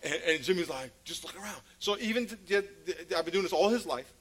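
Male preacher, high voice, playful storyteller, swings from loud to hushed. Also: lively intonation, fast, a little hiss or hum. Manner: storytelling, playful, laughs at his own stories; sudden loud calls and drops to a hush. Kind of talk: sermon.

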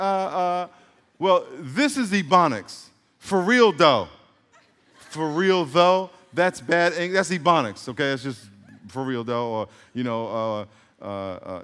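A middle-aged pastor with a medium-pitched, slightly bright voice preaches a sermon in a church sanctuary. He jokes through rambling asides and calls for responses from the congregation, and the hall is reverberant.

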